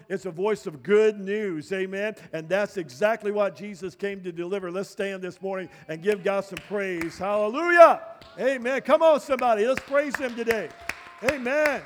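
A man preaching a fervent sermon as pastor, building into shouted praise and declarations. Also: sits high, long reverb tail.

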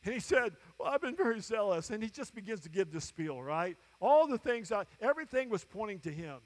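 High-voiced man preaching a sermon. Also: sing-song, brisk. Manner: call-and-response preaching, asking "Amen?" often; drops soft and low for scripture, builds loud at the close.

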